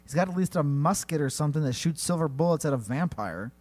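A man co-hosting a comedy podcast, narrating a silly battle with lively delivery and sudden high-pitched character voices. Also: quick pace. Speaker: podcast co-host. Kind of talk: comedic storytelling banter.

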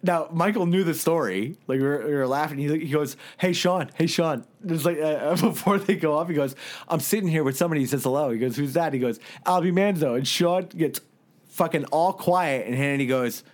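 A man with a fairly high voice tells a long anecdote in a loose podcast chat. He circles back and restarts his sentences, leans on fillers, and laughs at his own story as it goes. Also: fairly quick. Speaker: podcast co-host.

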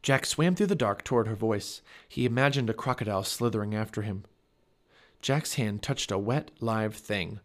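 A man's voice: fairly low pitch, moderate pace. A man reading a children's chapter book aloud for a family podcast, telling it expressively. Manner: expressive storytelling.

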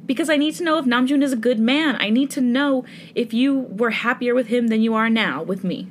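A woman's voice: medium pitch, expressive, brisk, slight background noise, natural voice. Woman reading as a brooding jealous young man. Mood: angry. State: hoarse.

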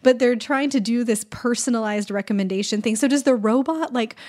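A woman's voice: on the high side, fairly quick, darkish tone. A woman co-hosting a podcast in casual chat, laughing often and asking playful questions. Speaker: podcast co-host.

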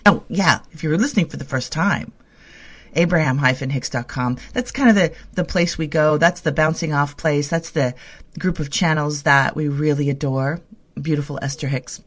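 A woman's voice: sits low, normal speed. A woman co-hosting a spiritual internet radio show, chatting in a bubbly, gushing way and laughing often. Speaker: podcast co-host. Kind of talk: casual spiritual chat.

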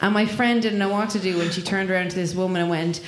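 A woman's voice: lowish voice, fairly even intonation, fast talker. Laughing Irish woman telling a story. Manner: rambling, laughing, swearing often. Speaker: comedian guest. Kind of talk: comic storytelling before a live audience. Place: live venue with audience. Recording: echoey room, noisy live recording.

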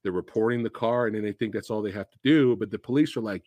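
A man's voice: lowish voice, quick pace, darkish tone, dry recording, clean studio sound. A man hosting a podcast, chatting casually about movies and ranting with exasperation and profanity. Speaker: podcast host.

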